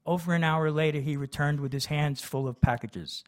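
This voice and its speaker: A man reads his own memoir aloud in a fairly high voice. He narrates steadily but drifts into chatty, hesitant asides now and then. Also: moderate pace, few pauses.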